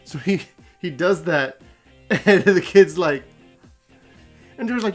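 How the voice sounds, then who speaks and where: A man's voice: sits high, animated, takes it slowly, soft background music. A man hosting a casual story recap, talking animatedly, laughing often and acting out quotes. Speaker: host.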